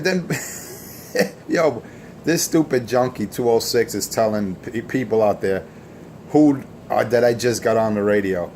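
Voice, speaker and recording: A self-assured man with a fairly low voice hosts a CB radio show, taunting rivals with crude, boastful trash talk. A faint hum runs underneath. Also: a little slow, darkish tone.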